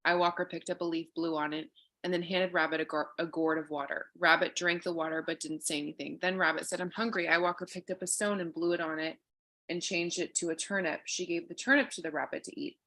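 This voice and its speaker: A woman's voice: fairly low pitch, steady tone, a little fast, fairly bright tone. A woman guest reading a spiritual card story aloud and chatting in an earnest, reflective way.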